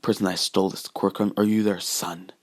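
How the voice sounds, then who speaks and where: A man voicing a scheming old male villain who asks wary, probing questions, delivering the lines in a loose, halting way. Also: low-pitched, little pitch movement. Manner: loose, halting quoted dialogue.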